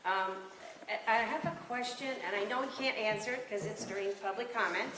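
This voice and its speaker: A woman's voice: a little high, a little fast. A woman giving an earnest, rambling, emotional public comment at a county board meeting. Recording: echoey room, distant mic, noticeable noise.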